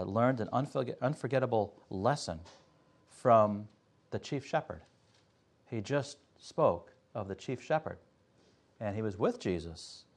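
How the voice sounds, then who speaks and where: A man teaching a Sunday school Bible class, explaining step by step in an earnest way with frequent pauses. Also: on the low side.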